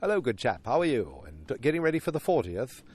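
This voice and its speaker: A man's voice: on the low side, fairly even intonation, normal speed, creaky, a little mellow. A man voicing a pompous upper-class British executive in a plummy put-on voice. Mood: jolly.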